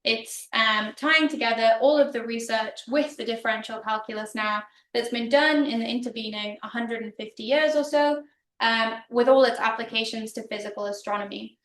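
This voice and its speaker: A woman's voice: on the high side, normal speed, fairly bright tone, far from the mic, a little hiss or hum. A woman lecturer giving a public history talk in a casual, chatty manner with frequent ums. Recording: roomy hall, speaker off-mic.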